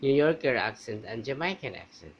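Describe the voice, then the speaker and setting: Man, son, short curious questions, mid pitch, faint noise. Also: big pitch swings, fairly quick, vocal fry.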